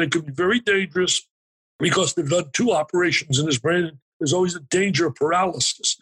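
A man, a motivational speaker, telling an emotional story as an interview guest, animated and emphatic, acting out the dialogue as he goes. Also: on the high side, slightly rough, poor audio.

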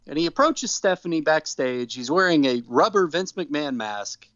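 Male podcast co-host, animated storyteller, slightly high and very expressive, dry lo-fi mic. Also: moderate pace, no echo. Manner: animated storyteller, acts out quotes in put-on voices. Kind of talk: casual recap chat.

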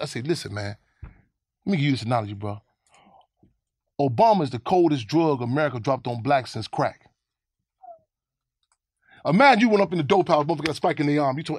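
Interview guest from Chicago: quick, restless storyteller, repeats words, swears freely, sits dry and close on the mic. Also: male voice, on the high side, no echo. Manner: rambling, repeats words, profane, animated.

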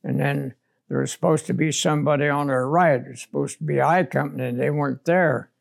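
A man's voice: medium pitch, fairly even intonation, a little fast, gravelly. An older man, a war veteran, recounting his combat memories in a blunt, plainspoken way during an oral history interview.

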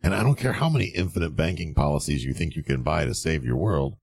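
A man's voice: very deep voice, lively intonation, fast talker, vocal fry, darkish tone, breathy edge. A man giving blunt, sarcastic real estate advice, mocking get-rich schemes and acting out the people he quotes.

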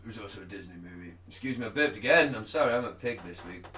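A man's voice: fairly low pitch, lively intonation, quick pace, sharp tone, recorded from a distance. A man rambling through a podcast chat, often laughing at himself. His voice sits off the mic in a roomy space, with noticeable background noise under it. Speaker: podcast co-host. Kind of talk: casual chat.

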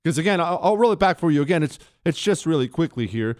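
A man's voice: fairly high pitch, expressive, quick pace, darkish tone, no room sound, studio quality. A man hosting a talk radio monologue, ranting in a sarcastic way. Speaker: radio host.

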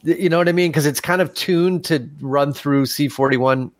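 A man's voice: on the high side, moderate pace, dry recording, clean studio sound. A man hosting a casual podcast, chatting and reading listener emails aloud with easy laughs.

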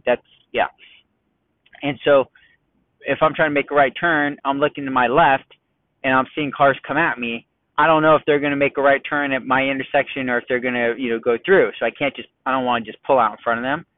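Man, car podcast, animated ranting, fairly high voice, tinny phone-like sound, dry. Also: no room sound. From United States. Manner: animated, ranting and self-mocking. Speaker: podcast host. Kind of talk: casual solo podcast monologue. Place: in his car in traffic.

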